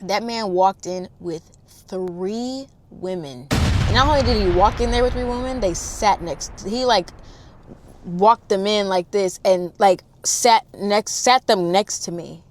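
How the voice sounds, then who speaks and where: A young woman telling a storytime, in casual chat and straight to her listeners. Her voice sits at a middling pitch and swings from loud, excited outbursts down to quiet, hushed asides. She is slangy and swears freely. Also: measured pace, slight background noise. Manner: animated, swinging between loud exclamations and hushed low asides; addresses listeners directly, slangy and profane.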